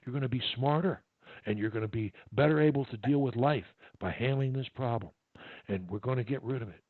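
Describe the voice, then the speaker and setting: A man's voice: mid-range voice, a little fast, no echo. Encouraging man on a tinny line. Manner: encouraging, repeats key points. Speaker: speech coach. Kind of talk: one-on-one coaching session. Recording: tinny, dry phone-like line.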